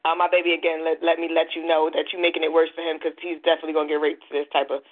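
A woman hosting a casual call-in radio show, lively and joking, quick to laugh as she reads shout-outs. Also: low voice. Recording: phone-like lo-fi line.

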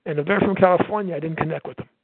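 A man from the United States, a sales coach and podcast host, giving a loud, fast, energetic motivational talk. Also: fairly high pitch, gravelly, slightly rough, no room sound. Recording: tinny phone-like line, dry.

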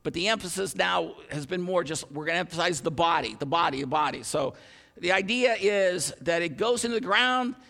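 A man in his fifties preaching a sermon, animated, with frequent restarts and self-deprecating humor. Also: a little high, vocal fry. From Ohio, USA. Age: 50s. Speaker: pastor. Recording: long hall reverb.

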